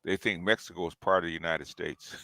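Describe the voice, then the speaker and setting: A man hosting a casual chat, laughing often and tossing in quick quips. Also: sits low, pushed and bright, dry recording.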